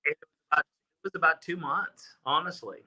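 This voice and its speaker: A man's voice: on the high side, fairly even intonation, moderate pace, bright, forceful tone. A man in his fifties from South Texas, a golfer guest telling stories with lots of restarts and fillers. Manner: rambling, many restarts and fillers. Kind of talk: casual storytelling.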